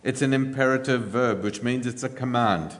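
A man's voice: medium pitch, normal speed. A man preaching a sermon in an earnest way, with frequent ums and rhetorical questions. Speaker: pastor. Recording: reverberant church hall.

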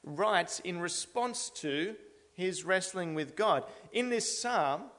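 In a church, a man delivers an expository sermon slowly in a high, animated, fairly bright voice. He speaks earnestly and builds to emphatic declarations, with the long reverb of a large hall around him.

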